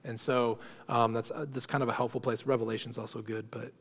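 A man's voice: mid-range voice, level tone, a little fast, fairly bright tone. A man teaching an informal church class, talking conversationally with many fillers and restarts. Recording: long reverb of a hall.

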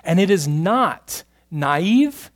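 Pastor, male, fairly high voice; preaches in swings from quiet and drawn-out to forceful and loud. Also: animated. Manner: swings between hushed, slow stretches and loud, emphatic bursts. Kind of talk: sermon.

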